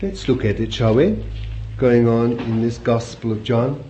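A man's voice: mid-range voice, unhurried, mellow. A man preaching a sermon in a conversational way, repeating phrases and putting questions to his listeners. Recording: dull lo-fi recording with faint hiss.

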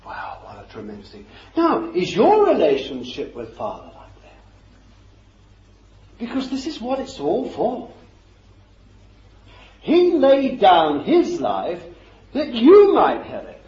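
A man's voice: sits high, huge pitch swings, slow, long pauses, a little mellow, slight background noise. A man preaching a sermon in a fervent, emphatic way, repeating his phrases for stress. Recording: echoey, dull lo-fi recording.

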